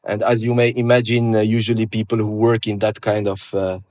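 A man in his thirties from Morocco with a Moroccan French accent, answering interview questions in a relaxed, hesitant way with many pauses. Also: lowish voice, dry recording. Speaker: guest. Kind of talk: casual interview conversation.

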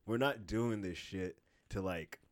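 A man co-hosting a podcast and trying out stand-up, talking in loud, profane, animated rants. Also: on the low side, unhurried. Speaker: podcast co-host, aspiring stand-up comic. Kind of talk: casual podcast chat.

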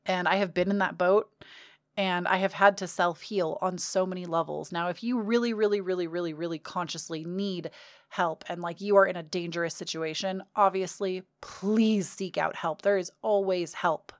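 A woman's voice: fairly low pitch, steady tone, moderate pace, dry recording, studio quality. A young woman talking openly to her viewers about healing and self-care, earnest and confiding, with casual swearing. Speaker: vlogger. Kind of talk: candid self-help talk to camera.

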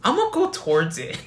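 A man's voice: very high voice, fairly bright tone, slight background noise. A man co-hosting a podcast, cracking crude jokes and teasing his co-host in casual chat. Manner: crude joking, teasing interruptions. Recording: echoey room.

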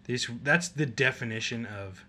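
A man's voice: mid-range voice, normal speed, bright, forceful tone, a little hiss or hum. A man co-hosting a casual podcast, chatting playfully and joking with mock-dramatic asides. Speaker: podcast co-host. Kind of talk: casual chat.

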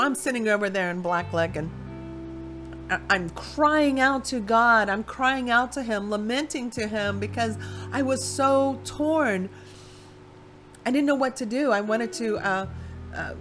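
A woman from Ohio gives a personal faith testimony, animated storytelling with voiced quotes. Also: a little high. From Ohio, USA. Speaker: Christian speaker.

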